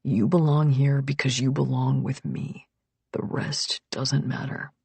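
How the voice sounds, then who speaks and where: A tender young man in an audiobook, as a woman narrator puts him on. His voice sits low with a husky, gravelly grain, quiet and close on a dry recording. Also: fairly even intonation, unhurried, no echo, exaggerated voice. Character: gentle young man, reassuring fiancé.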